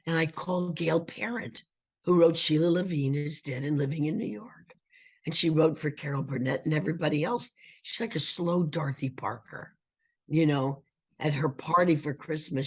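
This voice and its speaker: An older woman, a guest actress, telling lively stories in an interview and acting out the dialogue, with a husky voice. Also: sits low, moderate pace. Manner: lively storyteller who acts out dialogue. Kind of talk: animated storytelling interview.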